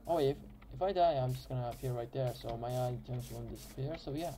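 A man's voice: medium pitch, fairly quick, dark tone, a little hiss or hum, low-quality recording. A man giving casual, rambling game commentary as host, often correcting himself mid-sentence. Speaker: gameplay host.

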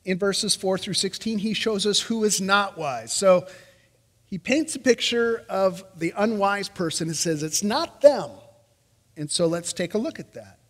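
A man with a high voice preaches a sermon, reading scripture with lively emphasis and slipping into casual asides. His voice carries a long reverb, as in a church sanctuary. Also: unhurried. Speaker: pastor.

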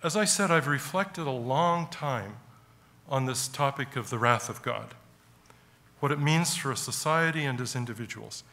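A man preaching a sermon in a church, telling stories earnestly in short, paused phrases. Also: mid-range voice, sharp tone.

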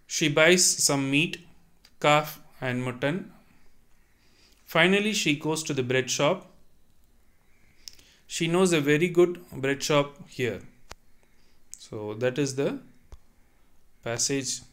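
Slow, deliberate male French teacher. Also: medium pitch, fairly bright tone. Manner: slow and deliberate, repeats and explains each line. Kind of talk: online language lesson.

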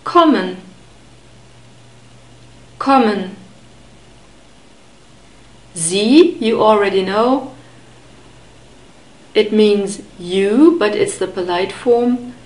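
Slow, careful woman teaching pronunciation. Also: mid-range voice, a little mellow, reverberant, poor audio. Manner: careful, deliberate enunciation with repeated model words. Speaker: language teacher.

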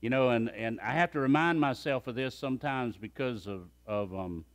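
A man's voice: medium pitch, normal speed. A man preaching a sermon as pastor, emphatic and calling on the congregation to repeat phrases after him.

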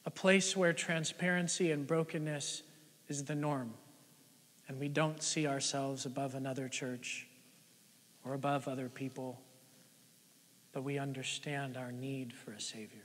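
A man preaching a sermon as pastor, shifting between loud, emphatic lines and hushed, near-whispered ones, with lots of rhetorical questions to the congregation. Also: mid-range voice, fairly even intonation, unhurried, long pauses. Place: church sanctuary. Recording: long church-hall reverb.

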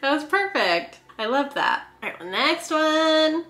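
A woman's voice: high-pitched, very animated, a little slow, sharp tone. A woman hosting a casual reaction video, gushing and gasping with delight at each clip. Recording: echoey room with faint music.

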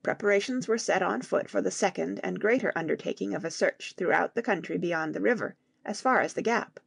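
A woman in scripted audiobook narration, reading in a measured way and voicing the characters. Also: on the low side, vocal fry, slightly rough, dry recording, clean studio sound.

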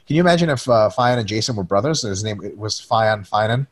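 Husky guy cohosting, swears a lot, goofs around reading questions. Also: on the low side, animated, fast talker. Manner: swears freely, jokey, reads questions aloud. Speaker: podcast co-host. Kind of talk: casual profane chat answering viewer questions.

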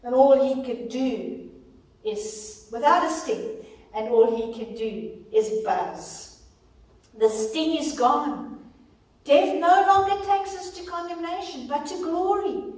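A woman leading a ladies' Bible study, reading scripture and telling stories in an earnest, expressive way. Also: sits high, takes it slowly. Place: large church hall. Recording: very echoey hall, far mic.

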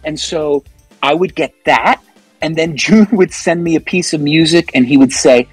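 A man with a husky, slightly breathy voice talks as a podcast guest, spinning chatty, animated stories with the odd curse word. The sound is dry and close, with faint music underneath. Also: on the high side, normal speed, no room sound, poor audio. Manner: animated, chatty storyteller, loose and profane. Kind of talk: casual interview chat.

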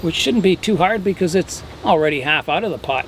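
Relaxed man explaining bonsai work. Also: high voice, a little fast, slight background noise. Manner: relaxed, explanatory, thinking aloud with fillers. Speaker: bonsai hobbyist vlogger. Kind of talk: casual how-to narration.

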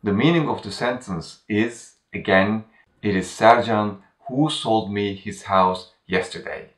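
A man narrates a scripted grammar lesson at a slow, careful pace and repeats each example twice. His voice sits fairly low. The recording sounds roomy, with the mic set back from him. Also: recorded from a distance. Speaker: language teacher.

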